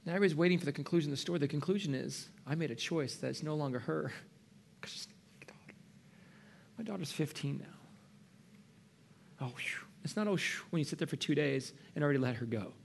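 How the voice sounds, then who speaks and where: A middle-aged man preaching a sermon in a church, moving between loud passion and hushed whispers. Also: fairly high pitch, very fast, vocal fry, few pauses, slight background noise.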